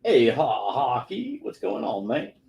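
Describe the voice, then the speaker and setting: A man's voice: mid-range voice, wildly swooping pitch, slow, gravelly, a little mellow. A man with a Boston accent co-hosting a casual chat show, jokingly reading viewer comments aloud. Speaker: podcast co-host reading chat.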